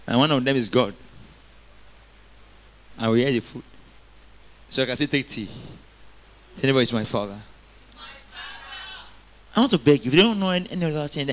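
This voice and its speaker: A male preacher delivers an energetic sermon. He quotes scripture and has the congregation repeat his lines back to him. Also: mid-range voice.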